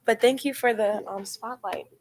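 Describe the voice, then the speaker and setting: A woman's voice: on the high side, normal speed, creaky, noisy background. A young woman from Texas, a student leader, giving unprepared remarks to a board, nervous and full of um and like. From Frisco, Texas. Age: young adult. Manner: nervous, lots of um and like.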